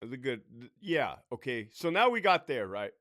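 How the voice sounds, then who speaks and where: A man's voice: mid-range voice, sing-song, moderate pace, fairly bright tone, no echo. A man talks straight at his audience in a dry, close sound, with a voice that climbs and dips a lot. He is blunt and profane, a former prison officer speaking casually and checking in with "right?" as he goes. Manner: blunt, profane, conversational, with frequent "right?" asides. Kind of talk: casual talk to camera.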